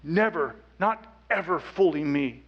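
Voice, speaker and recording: A man speaking on stage, telling a personal story earnestly, dropping to hushed tones at times. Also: on the high side, lively intonation, measured pace, husky, highs cut off. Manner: earnest, with quiet hushed stretches. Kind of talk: emotional storytelling talk.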